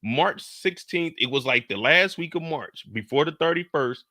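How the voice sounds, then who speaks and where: A man's voice: a little high, moderate pace, no room sound, clean studio sound. A man in his thirties hosting a show, telling a story casually, with lots of swearing and acted-out dialogue. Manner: animated, profane, acts out quoted dialogue. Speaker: show host.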